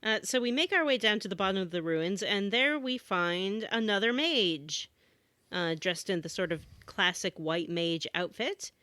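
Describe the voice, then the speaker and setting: A woman's voice: medium pitch, lively intonation, moderate pace, bright, forceful tone, dry recording, clean studio sound. A woman co-hosting a casual podcast, recapping the plot of a game in a playful way. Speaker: podcast co-host.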